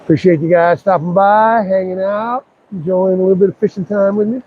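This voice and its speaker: A man's voice: high-pitched, fairly quick, narrow, tinny audio, a little hiss or hum. A man streaming live while fishing outdoors by a river, talking playfully to the fish as he reels it in. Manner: excited, playful, talks to the fish. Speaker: fishing livestreamer.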